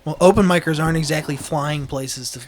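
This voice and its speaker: A man's voice: fairly high pitch, fairly quick, a crowd in the background. A man co-hosting a podcast, dropping short, dry quips in casual chat.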